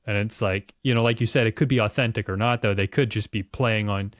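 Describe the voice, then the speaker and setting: A man's voice: lowish voice, fairly even intonation, a little fast, no echo, clean studio sound. A man hosting a podcast, talking reflectively in long musing runs. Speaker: podcast host. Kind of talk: casual chat.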